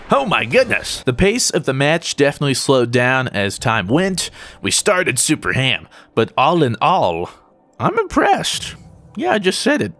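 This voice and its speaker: A young man giving excitable, jokey commentary over his own gameplay, shouting at opponents. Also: a little high. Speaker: gaming YouTuber.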